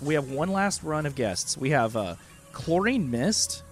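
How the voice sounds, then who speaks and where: A man's voice: fairly high pitch, sing-song, a little slow, soft background music. Slangy enthusiastic male host. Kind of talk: casual chat.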